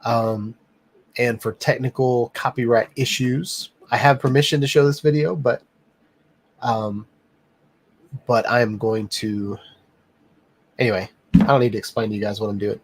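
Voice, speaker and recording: A man hosting a casual live stream, rambling and filling pauses with lots of "um.". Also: mid-range voice, steady tone, slightly rough. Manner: rambling, many "um" fillers. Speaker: livestream host.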